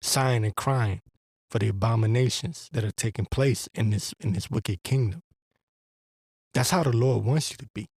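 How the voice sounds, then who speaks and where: On his podcast, a man with a mid-range voice, a little mellow and slightly rough, talks at a moderate pace. He goes on a rambling, profane, blunt religious riff with the edge of a preacher, frequently restarting. The recording is studio quality, without echo.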